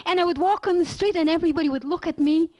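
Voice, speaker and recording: High-voiced woman telling a story. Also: quick pace, lo-fi sound. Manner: lively storyteller with non-native grammar. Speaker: lecturer. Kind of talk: personal story told in a lecture.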